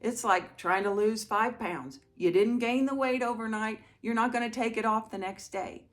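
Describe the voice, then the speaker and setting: A middle-aged woman talks casually through viewer questions in a gentle, reassuring way. She sounds like the host of a home organizing channel, encouraging and chatty. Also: fairly high pitch, normal speed. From small town. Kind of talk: casual Q&A talk to camera.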